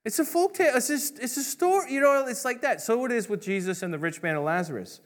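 A middle-aged male pastor giving a sermon in a conversational, joking storytelling manner, with quick voiced asides for the people in his stories. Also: extremely high pitch, animated.

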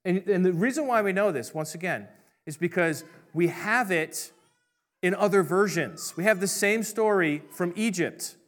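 Middle-aged male pastor, slightly higher voice, relaxed joking sermon delivery. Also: normal speed. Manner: conversational, jokey storytelling with voiced asides.

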